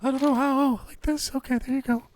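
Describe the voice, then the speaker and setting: Guy doing a squeaky fake lady voice, jittery, keeps saying she's losing her voice. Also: little pitch movement, fast talker. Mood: nervous pleading. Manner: high strained falsetto, claims to be losing voice. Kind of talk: voice-chat role-play in a game.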